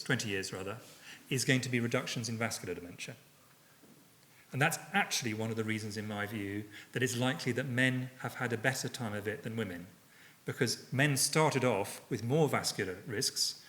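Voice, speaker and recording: A middle-aged man delivers a public lecture at a measured pace, using frequent fillers and self-corrections. His voice is medium in pitch with a fairly bright tone.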